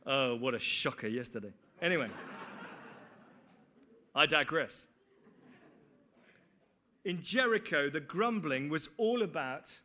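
A man's voice: sits high, pushed and bright. A man preaching a sermon, earnest, with rhetorical questions and dry asides.

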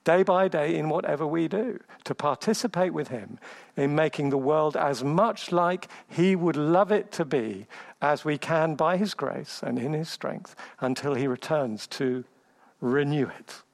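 A man's voice: on the high side, unhurried, creaky. A man preaching a sermon, emphatic, building through lists and rhetorical questions.

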